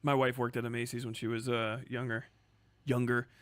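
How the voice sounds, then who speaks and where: A man's voice: mid-range voice, little pitch movement, brisk, a bit bright, clean tone, no echo. A man streaming casual commentary, crude and sarcastic, rambling and swearing often.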